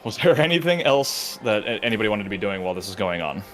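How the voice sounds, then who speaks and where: Brief: low male game master, casual and halting, full of fillers and self-corrections. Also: big pitch swings, fairly bright tone. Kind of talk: narrating a tabletop game.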